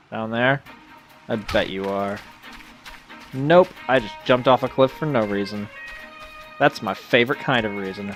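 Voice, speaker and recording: A man giving let's play commentary, wry and self-mocking with quiet mumbled asides. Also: medium pitch. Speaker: game commentator.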